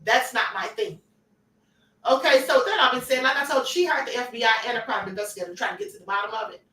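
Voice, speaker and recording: High, bright-voiced woman gossip host. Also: quick pace, reverberant, far from the mic, rough recording. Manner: animated, emphatic, repeats points. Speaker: livestream host. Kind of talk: celebrity gossip commentary.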